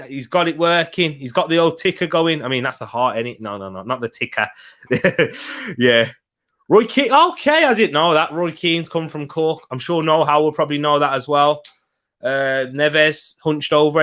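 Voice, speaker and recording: A man's voice: mid-range voice, fairly bright tone. A young man talks through a live football match for his viewers. He chats casually, laughs easily and answers comments as he goes. His voice sits in an ordinary middle range. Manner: chatty, laughs often, reads out viewer comments. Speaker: watch-along host.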